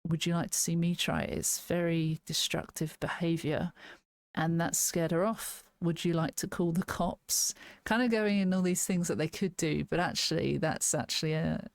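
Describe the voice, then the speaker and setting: A woman's voice: fairly low pitch, steady tone, normal speed, no echo, studio quality. A woman casually reviewing an album, thinking aloud, restarting sentences and laughing now and then. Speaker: music reaction host.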